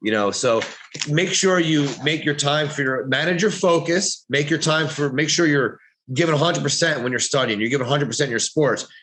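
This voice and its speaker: A man's voice: a little high, fairly quick, fairly bright tone. Blunt, foul-mouthed man preaching advice. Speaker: podcast co-host. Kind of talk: casual motivational chat.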